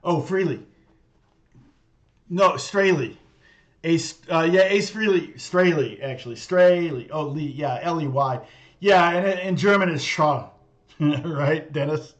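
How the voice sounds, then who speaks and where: A middle-aged man who teaches guitar, talking in a loose, rambling way and laughing often. His voice sits a little higher than most men's. He often stops, restarts and fills gaps with "um" and "uh". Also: unhurried, fairly bright tone, highs cut off. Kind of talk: casual livestream chat.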